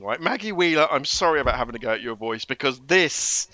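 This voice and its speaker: A man co-hosting a casual film-review podcast. He talks in an animated way, laughs often, and restarts his sentences. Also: medium pitch, fast, no echo. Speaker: podcast co-host.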